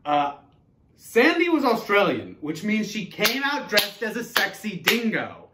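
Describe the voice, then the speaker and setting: An impatient, matter-of-fact woman in a comedy sketch, her pitch moving widely. The room is echoey and music plays clearly behind her. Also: wildly swooping pitch, a little slow.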